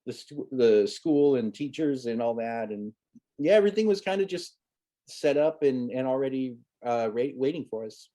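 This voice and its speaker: A man's voice: mid-range voice, lively intonation, moderate pace, dark tone. A man in his thirties, a guest telling stories from his childhood acting days in a rambling, amused way with many restarts. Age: 30s. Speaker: guest, former child actor. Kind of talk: casual storytelling interview.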